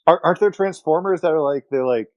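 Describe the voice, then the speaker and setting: A man's voice: fairly high pitch, fast, darkish tone, no echo, dull audio. Joking young guy, dry close sound. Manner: joking, tangent-prone. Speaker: podcast co-host. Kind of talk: casual chat among friends.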